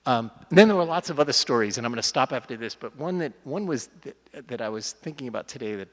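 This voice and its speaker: A man's voice: mid-range voice, expressive, fast. A man in his sixties, a doctor speaking earnestly and conversationally to a church audience, often restarting his sentences. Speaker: doctor giving a talk. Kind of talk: reflective speech to a church audience. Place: large church. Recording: long hall reverb in a church.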